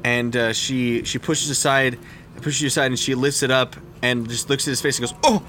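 A man's voice: medium pitch, level tone, moderate pace, sharp tone, slight background noise. A man narrating a tabletop role-playing game as game master, rambling with many fillers and restarts.

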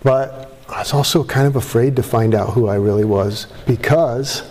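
A man addresses a live audience in a recovery meeting room, candid and self-deprecating, rambling and restarting as his voice cracks with emotion. His voice is medium-pitched and a little mellow at a moderate pace, with a slight hiss or hum on the recording.

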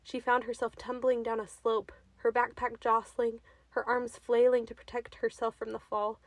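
Woman, storyteller, expressive reading, fairly high pitch, dry recording. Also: normal speed, dry recording.

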